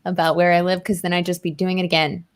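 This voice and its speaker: A woman with a Midwestern accent hosting a game stream over a video call, upbeat and quick to laugh. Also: fairly low pitch, level tone, clean tone. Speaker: host explaining game rules.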